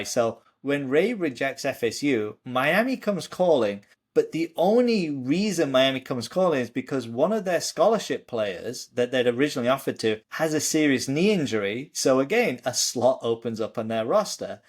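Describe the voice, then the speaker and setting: A man co-hosting a podcast, reading memoir passages aloud and retelling the story in between. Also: medium pitch. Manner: storytelling, lively when quoting. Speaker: podcast co-host.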